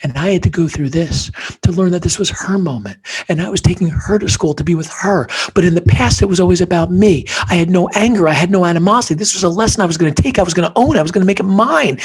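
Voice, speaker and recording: A man, a guest, telling a personal story with feeling, dropping to hushed near-whispers and rising to intense emphasis. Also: high voice, quick pace, hardly any pauses, slightly rough.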